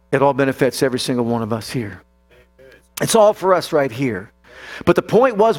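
A male pastor preaching with force. His voice sits a bit high. He stretches key phrases slowly, then drops low and quiet before rising again. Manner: emphatic preaching, drawn-out declarations, sudden drops and rises. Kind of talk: sermon.

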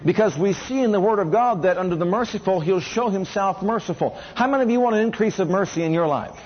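A man's voice: sits high, fast, lo-fi sound. A man preaching a sermon who keeps asking the congregation questions and has them repeat lines back to him.

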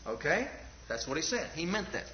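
In a slightly high, sing-song voice, a man briskly preaches a fervent sermon, firing rhetorical questions at the congregation and calling for amens. The echoey, dull, lo-fi church recording has a little hiss or hum.

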